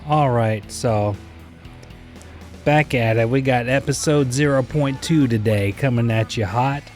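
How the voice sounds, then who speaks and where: A man's voice: medium pitch, measured pace, darkish tone, soft background music. A man hosting a podcast, joking casually as he talks to his listeners. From Kentucky. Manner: joking, bickering with his own put-on voices. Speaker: podcast host.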